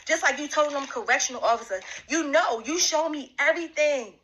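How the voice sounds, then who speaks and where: Accusing woman with a bright, high voice. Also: fairly quick, slight background noise, rough recording. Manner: repetitive, accusing, talks straight at one man. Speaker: vlogger addressing a rival. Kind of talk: confrontational direct-to-camera rant.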